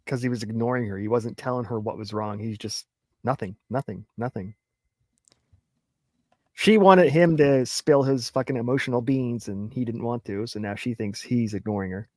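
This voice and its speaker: A man's voice: mid-range voice, brisk, few pauses, dry recording, clean studio sound. A man in casual chat about a book, swearing and acting out examples. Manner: swears and acts out examples excitedly. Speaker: co-host discussing the book.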